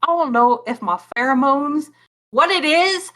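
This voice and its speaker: A woman's voice: high voice, lively intonation, measured pace, a bit bright. A woman co-hosting a reaction video, chatting casually and animatedly, swearing and laughing often. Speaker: reaction channel co-host. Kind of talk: casual chat.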